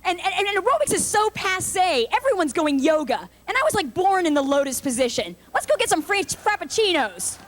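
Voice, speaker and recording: A woman's voice: extremely high pitch, very animated, brisk, hardly any pauses, a little hiss or hum. A woman doing a punchy stand-up comedy set on a live club stage, jumping into character voices.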